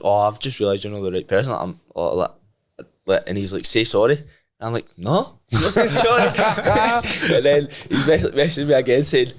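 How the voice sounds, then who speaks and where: A young Scottish man with a low-pitched voice tells a story as a podcast guest. He swears freely, laughs, and acts out each line of dialogue in casual chat.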